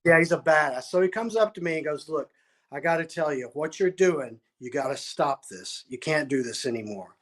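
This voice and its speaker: A man's voice: on the high side, expressive, moderate pace. A man, a musician, telling a long story in an interview, acting out quotes and often restarting his sentences. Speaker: musician guest.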